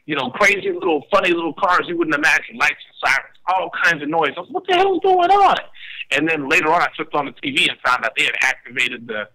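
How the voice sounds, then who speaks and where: A man co-hosting a casual talk radio show, ranting in an animated way and mocking people in high put-on voices. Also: fast, hardly any pauses, rough recording. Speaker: radio co-host. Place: home in a Las Vegas suburb.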